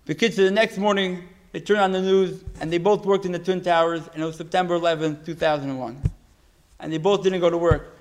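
A man giving a religious talk, telling a story in a halting way, with many restarts and repeated words. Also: high voice, fairly even intonation. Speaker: religious teacher.

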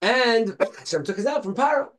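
A man's voice: very high voice, a little fast. A man sharing a Torah insight in a casual study group, asking rhetorical questions and quoting Hebrew sources. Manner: animated, rhetorical questions, mixes Hebrew and Yiddish terms.

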